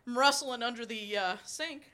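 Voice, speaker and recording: A woman's voice: a little high, normal speed, sharp tone. A woman in her twenties performing a stand-up comedy set, telling blunt, profane stories, chuckling between lines and rambling with fillers when she loses her place.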